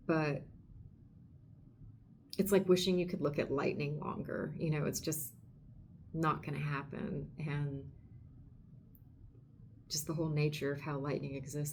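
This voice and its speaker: Emotional lady host gushing over a comic book, talks slow and kinda low, laughs a lot, trails off mid-sentence. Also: darkish tone, slight background noise. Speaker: podcast host. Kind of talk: casual book discussion.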